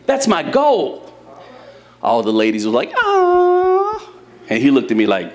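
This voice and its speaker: A man's voice: lowish voice, huge pitch swings, normal speed, a little mellow. A man preaching a sermon to a live congregation in church, speaking to them directly and telling folksy, humorous stories. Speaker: pastor.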